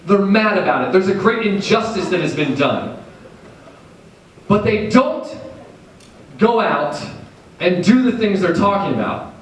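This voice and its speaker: High-voiced man preaching in an echoey hall. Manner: animated, jokey, acts out quoted people. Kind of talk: sermon. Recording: echoey hall, far from the mic.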